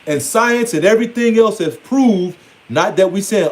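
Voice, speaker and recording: High-voiced man giving a blunt rant. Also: expressive, moderate pace. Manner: blunt, mocking, playfully scolding. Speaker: spiritual speaker. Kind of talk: casual preaching monologue.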